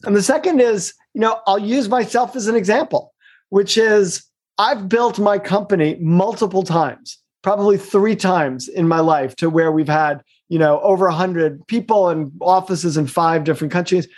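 A middle-aged man with a fairly high voice, talking as a guest coach in a relaxed interview. He is emphatic and expressive, rushing through some phrases and stretching out others for emphasis. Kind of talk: casual interview conversation.

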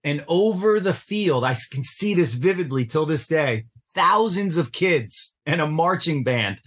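A man's voice: a little high, lively intonation, a little slow, few pauses, fairly bright tone, breathy edge. A middle-aged man, a podcast guest, earnestly and intensely recounting a personal story in an interview. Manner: earnest, intense retelling with acted-out quotes.

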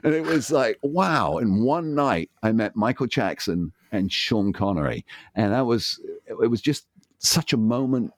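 An enthusiastic man in his sixties with an English accent, a DJ, tells long anecdotes as an interview guest and acts out the voices of the people he quotes. His voice is fairly low and expressive, with a slightly slow delivery. The recording has no room sound.

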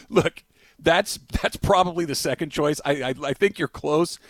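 A man's voice: fairly high pitch, a little slow, dry recording. A middle-aged man co-hosting a casual sports talk show, telling stories and laughing often. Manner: laughs often, animated storytelling. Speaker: co-host. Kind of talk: casual sports radio banter.

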